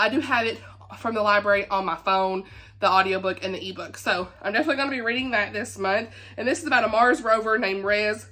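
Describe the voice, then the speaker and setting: A woman with a Southern American accent talks through her reading plans in a loose, folksy way, laughing often and calling her viewers "honey". Her voice sits a little high and rings bright and forward. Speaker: book vlogger. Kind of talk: casual chat.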